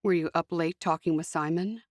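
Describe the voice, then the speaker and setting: A woman voicing a calm, even-tempered young Amish man who speaks quickly in a slightly lowered voice. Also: dry recording, clean studio sound, close to an everyday voice.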